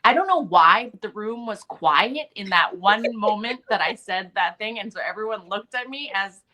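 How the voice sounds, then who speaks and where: A woman's voice: mid-range voice, lively intonation, moderate pace, pushed and bright. A woman actor being interviewed, telling behind-the-scenes anecdotes in a chatty way and laughing often. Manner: chatty, many restarts and fillers. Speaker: actor guest. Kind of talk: casual interview storytelling.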